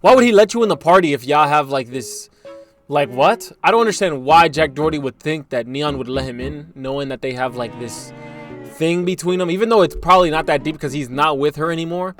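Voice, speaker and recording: A young man reacts to clips with loud disbelief, circling back over the same points in easygoing slang. His voice sits a little high for a man. Faint music plays under his talk. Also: fairly quick. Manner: exclaiming and incredulous, repeats himself. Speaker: co-host reacting to streamer clips. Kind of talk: casual reaction commentary.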